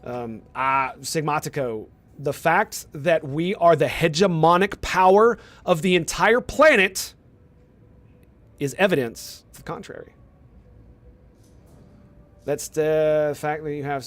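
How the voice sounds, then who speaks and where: Young man, game streamer, somewhat high-pitched, heated, swearing, argumentative, rhetorical questions. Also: unhurried, fairly bright tone, no room sound. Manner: heated, profane ranting at chat. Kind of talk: casual live-stream chat.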